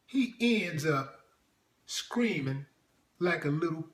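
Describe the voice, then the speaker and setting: A man's voice: a little high, expressive, slow, reverberant. A man giving blunt, sarcastic reaction commentary on a video. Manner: blunt, sarcastic, mocking impressions.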